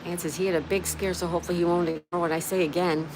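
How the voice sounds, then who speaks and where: A woman's voice: on the low side, fast talker. A woman hosting a casual live stream, chatting and reading viewer comments aloud while greeting each person by name. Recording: steady background noise.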